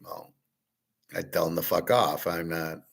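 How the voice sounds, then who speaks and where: A man's voice: deep voice, flat delivery, measured pace, gravelly. A man hosting a casual opinion monologue, blunt and profane, arguing with rhetorical questions. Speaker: host.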